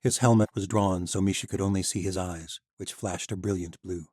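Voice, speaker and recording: Male audiobook narrator, steady and even, warm and close-miked. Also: low-pitched, moderate pace, no echo. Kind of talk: scripted narration.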